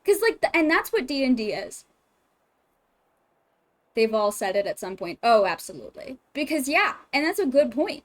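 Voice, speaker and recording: A woman streaming at home, chatting casually, emotionally expressive and swearing often. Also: on the high side, normal speed. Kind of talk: casual livestream chat.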